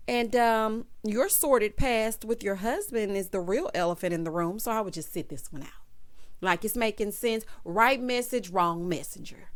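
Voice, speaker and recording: A woman's voice: mid-range voice, normal speed. A woman, sassily recapping a reality show in casual chat and talking straight to its cast. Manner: sassy, animated, talks straight to the people she discusses. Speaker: recap vlogger.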